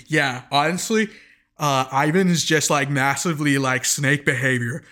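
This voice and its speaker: A man putting on a young bro-ish guy who sounds like he just ate very hot wings, halting and repeating himself. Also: fairly high pitch, bright, forceful tone. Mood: sneering. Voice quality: strained, burning-mouth voice as if after hot wings.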